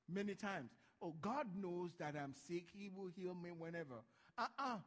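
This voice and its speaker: A male pastor preaching a sermon, swinging from hushed lines to loud ones and acting out voices from Bible stories. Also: high voice, big-room sound.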